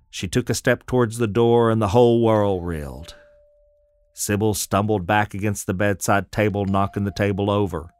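A man narrating a scripted audio drama in a folksy storytelling manner. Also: deep voice.

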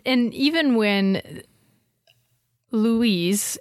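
A woman co-hosting a casual history podcast, animated, often reading quotations aloud with quick asides. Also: medium pitch, no room sound, studio quality. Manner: animated, quotes sources aloud, fast asides. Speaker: podcast co-host. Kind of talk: casual conversational history chat.

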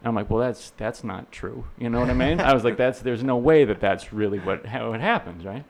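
He's a middle-aged real estate instructor speaking briskly in a mid-range voice, telling rambling anecdotes as an interview guest in casual storytelling. Fillers and restarts run throughout, and he acts out those he quotes.

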